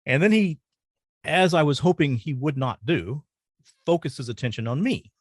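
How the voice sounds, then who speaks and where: A man telling a personal story as a podcast guest, earnest and halting, pausing often. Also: a little high, expressive, no echo, clean studio sound.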